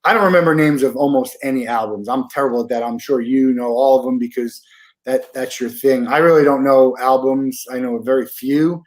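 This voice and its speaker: A man's voice: medium pitch, steady tone, brisk. A man in his forties hosting a podcast interview, talking in an easygoing, rambling way. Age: 40s. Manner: easygoing, rambling, with repeated words and fillers. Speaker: podcast host. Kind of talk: casual interview chat.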